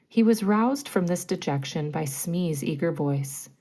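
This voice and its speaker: A woman narrating a bedtime story, reading gently and clearly. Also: fairly low pitch, expressive, unhurried.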